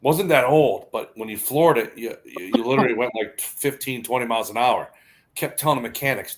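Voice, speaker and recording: A man's voice: mid-range voice, brisk. A man telling rambling anecdotes in casual chat, laughing often and restarting his sentences.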